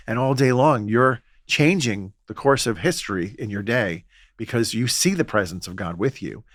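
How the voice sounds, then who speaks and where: A man, a Catholic priest, telling stories in a relaxed podcast conversation and acting out the voices he quotes. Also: medium pitch, moderate pace, no echo, studio quality. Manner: storytelling, acts out quoted voices. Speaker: Catholic priest and exorcist guest.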